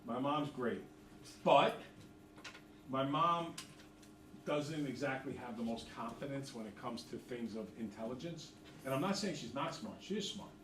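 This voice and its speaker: A man's voice: mid-range voice, lively intonation, a little slow, a bit bright, a little hiss or hum. A man teaching a math class, telling a chatty story to his students between worked examples. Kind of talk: classroom lecture with stories. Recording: echoey classroom from far off.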